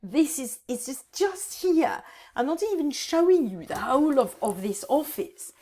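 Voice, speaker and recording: A woman in her fifties talks to camera from her home office, halting and close to tears as she vlogs. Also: high voice, animated, warm tone. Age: 50s. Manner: halting, repeats words, tearful. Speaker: decluttering vlogger. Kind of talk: emotional vlog to camera.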